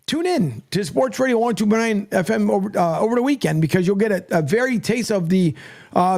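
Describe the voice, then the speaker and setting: A man's voice: sits high, darkish tone. A man hosting sports radio in a casual, rambling monologue from a studio mic, stumbling and restarting often. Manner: rambling, stammers and restarts, chatty.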